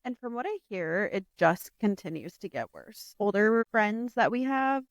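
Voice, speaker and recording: A woman's voice: mid-range voice, normal speed, dry recording, studio quality. A woman co-hosting a podcast in casual chat, joking and chiming in with quips.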